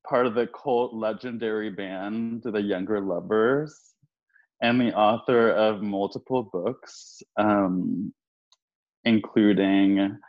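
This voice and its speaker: A man's voice: fairly low pitch, dull audio. A man hosting a podcast, chatting casually and teasing his guest with frequent giggles. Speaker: podcast host. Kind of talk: casual chat.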